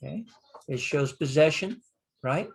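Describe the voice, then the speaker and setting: An older man teaching a Bible Hebrew lesson, slowly sounding out Hebrew words and explaining them with frequent pauses. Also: a little high, animated, vocal fry, slightly rough. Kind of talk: screen-share lesson.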